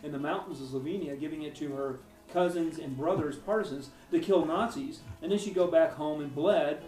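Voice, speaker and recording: A man's voice: fairly high pitch, brisk, darkish tone. A man being interviewed, recounting personal stories in a rambling, hesitant way. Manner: rambling, hesitant with frequent restarts. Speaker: author interviewee. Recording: roomy, distant mic with faint music.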